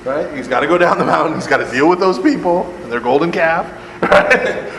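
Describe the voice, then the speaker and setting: A man leads a casual Bible study for a live group in what sounds like a church hall or classroom, joking, acting out voices, and asking "right?" over and over. His voice is a little high and a bit bright, with lively intonation at a normal speed. The hall echoes, and a faint air-conditioning hum sits in the background.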